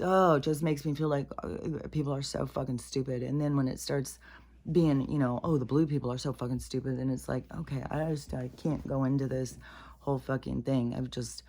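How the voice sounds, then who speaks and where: Low-voiced woman ranting casually. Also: husky. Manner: exasperated, profane, swings into loud outbursts and muttered asides. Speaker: commentator. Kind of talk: casual rant to camera.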